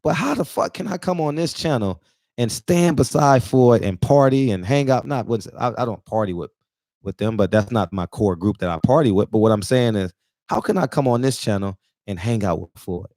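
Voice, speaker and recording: A man's voice: mid-range voice, lively intonation, normal speed, a little mellow, no echo, clean studio sound. A man in his forties, emotional and near tears, delivering an emphatic, preachy casual monologue that repeats points for emphasis. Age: 40s. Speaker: barbershop talk show regular.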